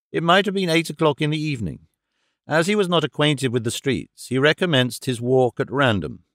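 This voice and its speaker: A man reading a classic novel aloud as an audiobook narrator, in a measured, formal storytelling manner. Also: medium pitch, fairly bright tone, dry recording, studio quality. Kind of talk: scripted narration.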